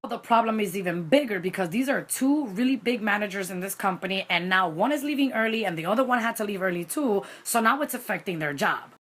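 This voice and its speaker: Animated woman telling a story. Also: medium pitch, fast, few pauses, breathy edge. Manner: animated, dramatic, mixes in Spanish phrases. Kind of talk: casual storytime vlog.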